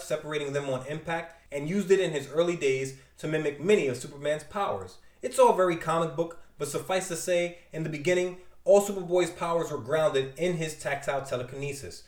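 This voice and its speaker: A man recapping and reviewing a comic book issue with enthusiasm and wry asides. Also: fairly high pitch. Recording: roomy echo.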